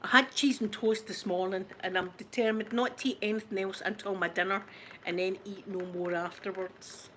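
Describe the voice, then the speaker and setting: A Scottish woman in her forties hosts an ASMR channel and chats casually with viewers, laughing often and poking fun at herself as she tells stories. Her mid-range voice is a bit bright, with fairly even intonation and a moderate pace. A little hiss or hum sits under the recording.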